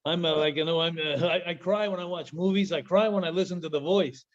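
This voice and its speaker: A man telling stories as an interview guest, animated, laughing often and repeating words. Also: a little high, a little fast. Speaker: guest, former pro wrestler. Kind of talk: casual interview storytelling. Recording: dull lo-fi sound.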